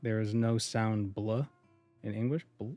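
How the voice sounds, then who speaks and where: A man's voice: lowish voice, steady tone, measured pace, warm tone, soft background music. A man streaming a game, chatting casually and reading viewer comments aloud before answering them. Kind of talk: casual live-stream chat.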